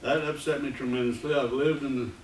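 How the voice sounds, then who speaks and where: A man in his eighties, from the United States, giving a rambling, halting public comment at a meeting. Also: medium pitch, fairly even intonation. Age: 80s. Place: meeting room. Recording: echoey room, distant mic, noisy.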